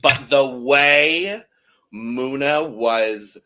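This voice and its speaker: Male podcast co-host, bright tone, upbeat and emphatic reality TV recap chat. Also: medium pitch, very slow.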